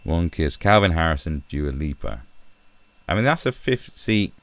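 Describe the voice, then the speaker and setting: Deep-voiced, swearing man ranting. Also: normal speed, no room sound. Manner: sarcastic, sweary, animated. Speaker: live streamer. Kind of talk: ranting live-stream commentary.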